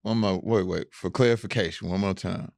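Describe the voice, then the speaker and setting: Low-voiced man cutting in with questions. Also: steady tone, fairly quick, gravelly, darkish tone, no room sound, clean studio sound. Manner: short interjections and clarifying questions. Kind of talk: podcast chat.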